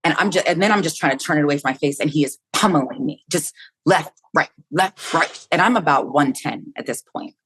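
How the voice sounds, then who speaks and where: A woman's voice: sits low, brisk, a bit bright, husky. A woman in her fifties from the United States, speaking as a podcast guest. She tells a personal story candidly and vividly, voicing her own thoughts aloud and swearing freely along the way.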